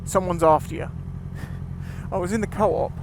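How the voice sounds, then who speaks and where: A motovlogger chats casually while riding his motorbike through town traffic, rambling and laughing easily. His voice sits high and moves a little slowly. Loud road and traffic noise fills the recording.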